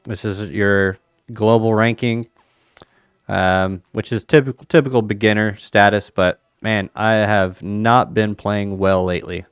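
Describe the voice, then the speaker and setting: A man's voice: fairly low pitch, unhurried, smooth, no room sound, clean studio sound, soft background music. A man streaming casually, thinking aloud about crypto charts and a chess game, with playful banter. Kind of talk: casual livestream chat over charts and chess.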